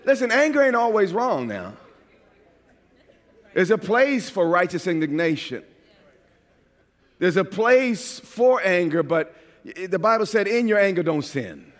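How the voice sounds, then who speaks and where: High-voiced emphatic male preacher. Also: very animated, a little slow, long pauses, some chatter behind. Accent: New York. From New York. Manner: emphatic preaching, swings from quiet to shouting. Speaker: pastor. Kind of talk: sermon.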